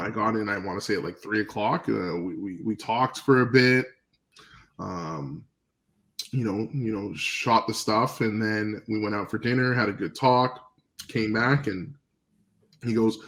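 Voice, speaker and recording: A man from Canada, a podcast guest, telling stories in a relaxed, rambling way with fillers, acting out old phone calls. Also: fairly low pitch, normal speed, poor audio. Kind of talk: casual storytelling interview.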